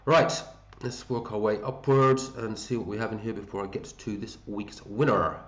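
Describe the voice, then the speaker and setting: A man's voice: fairly low pitch, fairly even intonation, normal speed, reverberant. A man hosting a fantasy football league, chatting casually and matey as he runs through scores and thinks aloud. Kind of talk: casual commentary over a screen.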